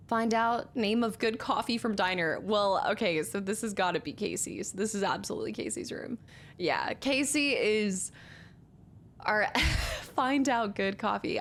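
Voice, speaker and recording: A woman's voice: medium pitch, a little hiss or hum. A young woman streaming a game, musing aloud as she explores and reading notes under her breath. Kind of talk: let's-play commentary.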